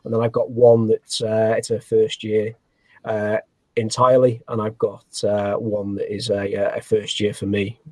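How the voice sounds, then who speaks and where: A man's voice: on the low side, level tone, moderate pace, a little mellow, no room sound. Rambling male snake breeder, dry sound. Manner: self-deprecating, rambling, many fillers and restarts. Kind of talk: casual interview chat.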